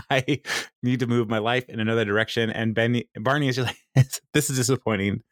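A man co-hosting a podcast, recapping a sitcom in a relaxed chat, laughing often and quoting characters in animated voices. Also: mid-range voice, moderate pace, dry recording, studio quality. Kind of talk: casual chat.

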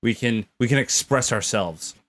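A man's voice: mid-range voice, moderate pace, fairly bright tone. A man co-hosting a podcast, telling a story in a blunt, opinionated way with casual swearing. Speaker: podcast co-host. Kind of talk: casual chat.

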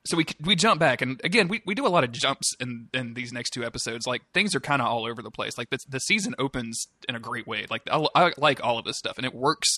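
A man co-hosting a podcast, recapping a cartoon episode in an animated, sarcastic way with swearing and laughs. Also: mid-range voice, quick pace, hardly any pauses, no room sound. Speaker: podcast co-host.

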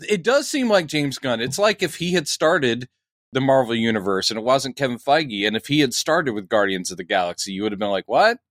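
A man co-hosting a podcast, chatting casually and musing out loud with quick asides. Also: mid-range voice, expressive, dry recording, clean studio sound. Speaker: podcast co-host.

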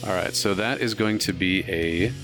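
A man's voice: sits low, moderate pace, over music. A man running a tabletop game as game master, narrating combat vividly with playful, crude jokes.

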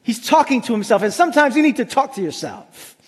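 A man delivers a sermon with a strikingly high voice. He is emphatic, and he slows down and sinks low on the scripture lines. The sound is a church sanctuary with a long, ringing reverb. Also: big pitch swings. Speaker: pastor. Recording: long reverb of a large hall.

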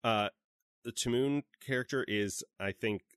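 Man in his own voice storytelling podcast co-host, mid pitch, dry close sound, acts out what people said. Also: measured pace, smooth, no room sound. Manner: expressive storyteller, acts out quotes. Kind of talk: casual chat.

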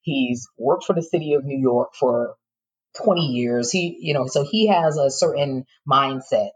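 A woman's voice: extremely low pitch, unhurried, slightly rough, rough recording. A middle-aged woman, a former teacher, frankly telling her personal story in an interview, with emotion and occasional laughter.

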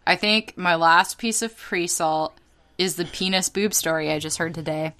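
A woman's voice: lowish voice, normal speed, pushed and bright. A young woman co-hosting a casual podcast, telling rambling stories with lots of fillers and restarts. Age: young adult. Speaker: podcast co-host.

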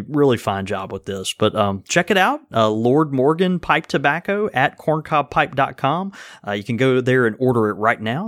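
A man's voice: mid-range voice, a bit bright, no room sound, studio quality. A man co-hosting a podcast, reading a sponsor plug and listener mail in an easygoing way with many fillers. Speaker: podcast co-host. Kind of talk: casual podcast chat with ad read.

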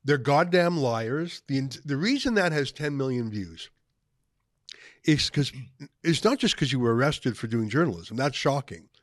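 A man's voice: medium pitch, lively intonation, normal speed, dry recording, clean studio sound. A male host giving emphatic, combative commentary while interviewing a guest, chuckling at times.

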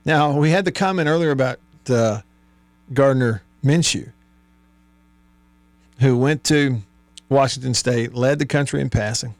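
A man's voice: medium pitch, unhurried, long pauses, no room sound. A man hosting a sports talk radio show, reading listener texts aloud and chuckling often. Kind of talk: casual call-in radio chat. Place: radio studio. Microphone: studio microphone.

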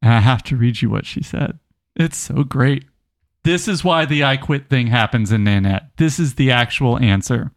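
A man co-hosting a casual book club podcast, an animated storyteller who reads passages aloud with emphasis. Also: medium pitch, normal speed, no room sound, clean studio sound. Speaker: podcast co-host.

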